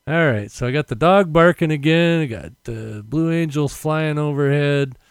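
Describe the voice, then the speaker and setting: A man's voice: fairly high pitch, moderate pace, creaky, clear, resonant tone, no room sound, studio quality. A man hosting his own podcast, talking casually and meandering with many fillers into a condenser mic. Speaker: podcast host. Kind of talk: casual rambling monologue. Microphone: condenser mic with headphones.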